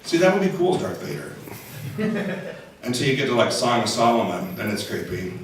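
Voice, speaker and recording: A hoarse man with a cold doing chatty, self-mocking stand-up comedy on a conference stage. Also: medium pitch, very animated, fairly quick, crowd noise. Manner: chatty, self-mocking, slips into funny voices. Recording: echoey hall from far off.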